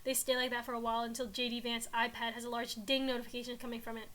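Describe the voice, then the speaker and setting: Brief: young woman, giggly fan-fiction reader, high and bright. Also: level tone, rapid-fire. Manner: giggly, over-the-top. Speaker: content creator. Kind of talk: comic fan-fiction reading.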